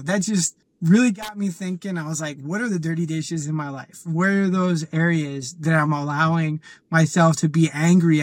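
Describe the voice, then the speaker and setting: A man, a podcast guest, telling a personal story in an earnest, halting way with fillers and restarts. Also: a little high. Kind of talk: casual storytelling.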